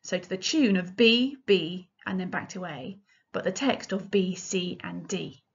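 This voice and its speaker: A woman's voice: on the low side, measured pace, gravelly, husky, dull audio. Chatty woman giving a music lecture. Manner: chatty, explanatory, frequent ums and restarts. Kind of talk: illustrated lecture.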